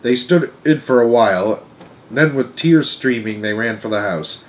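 A man's voice: medium pitch, normal speed, low-quality recording. Earnest man reading a chapter book aloud. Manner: earnest, emotional, occasional restarts. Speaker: storyteller.

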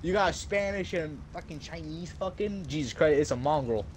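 A young man with a somewhat high voice teases his friend with mocking jokes, his pitch swinging up and down as he talks. A faint hiss of noise sits under the voice chat. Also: lively intonation, moderate pace. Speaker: gaming friend. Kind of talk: casual chat over voice call.

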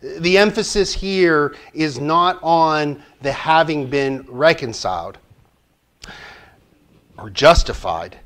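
A man's voice: a little high, animated, slow pace, a bit bright. A man teaching a church Bible study class in a conversational way, asking the group questions and joking lightly.

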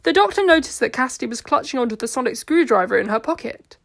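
A woman narrating a fan-made audio story in a steady, earnest reading. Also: high-pitched, fast, creaky.

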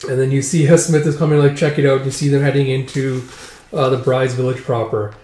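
A man casually recapping a story, stringing scenes together with "it's like" and quick acted-out quotes. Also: mid-range voice, flat delivery, dark tone. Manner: acts out each character with "it's like". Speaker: manga reviewer. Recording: echoey room.

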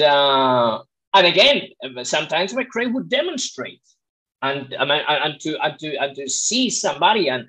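A man, a tenor and vocal coach, telling a story in a casual interview, excitable and full of restarts. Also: poor audio. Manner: animated, acts out quotes with big pitch jumps; frequent restarts and fillers, excitable.

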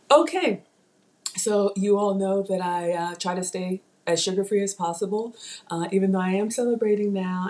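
A young woman with a light Southern US accent, born in Ghana, chats with her viewers while she cooks on a live stream. Her voice sits a little low, and she keeps up an easy, talkative flow. She is recorded on a tablet mic. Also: dark tone. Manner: chatty, talks straight to viewers. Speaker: cooking channel host. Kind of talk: live-streamed cooking chat.

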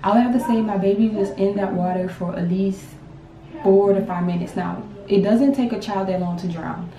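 A young woman in her twenties, a grieving mother telling her story to camera in a halting, repetitive, emotional way. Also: mid-range voice, fairly even intonation, dark tone. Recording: roomy sound from a distance.

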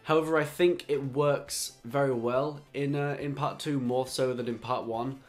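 Host, male, mid-pitched, nasal and congested from illness, relaxed and chatty. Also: moderate pace, faint music behind. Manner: relaxed, chatty, loose phrasing. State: ill, congested. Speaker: horror film channel host. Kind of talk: casual review commentary.

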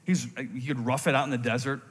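A man preaching a sermon in a church, animated, moving between intense emphasis and quiet reflective moments. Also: medium pitch, fast talker, husky. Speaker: pastor. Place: church sanctuary. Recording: long hall reverb from a church sanctuary.

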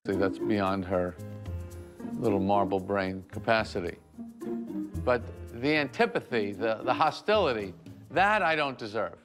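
A man's voice: fairly low pitch, a little slow, over music. A man giving a dry, sardonic interview about his dog for a reality show. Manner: deadpan, sardonic.

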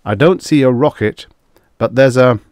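A man voicing a gruff, impatient male colonel who barks orders loudly in a vintage science fiction audiobook. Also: mid-range voice, normal speed, no room sound, studio quality, voice pushed up, lightly acted. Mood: urgent. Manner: loud, barking, commanding.

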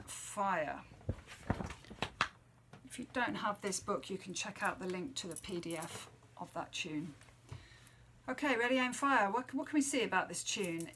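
A woman with a bright, clear voice teaches a trumpet lesson from home, counting beats and singing rhythms for young pupils. Faint room noise hums behind her. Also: medium pitch. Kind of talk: music lesson for children.

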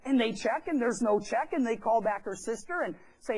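A man's voice: sits high, lively intonation, a little fast, hardly any pauses, a little mellow, husky, poor audio. A pastor telling a story during a sermon in a church. He talks in a chatty way and acts out the quoted voices. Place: church sanctuary.

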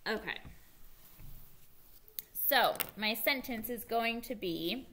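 A young woman teaching a phonics lesson to young children, sounding out words slowly and clearly. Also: a little high, lively intonation, fairly bright tone, a little hiss or hum. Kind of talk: early-reading phonics lesson.

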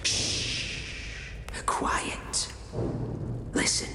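An actor playing a deranged male cult leader who talks in a hushed, creeping whisper with sudden lilting rises. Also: extremely slow, music in the background. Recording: game audio with roomy echo.

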